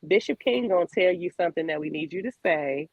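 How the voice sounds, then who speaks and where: A woman's voice: fairly low pitch, lively intonation, quick pace, dry recording, muffled recording. A woman from Maryland hosting a radio talk show, chatting casually and laughing often. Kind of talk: casual interview chat.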